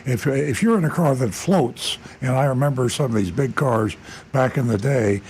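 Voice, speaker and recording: Radio car panelist, man, mid voice, halting delivery. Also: medium pitch, a little mellow, a little hiss or hum. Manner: halting, many fillers. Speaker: auto expert. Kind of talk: radio call-in chat.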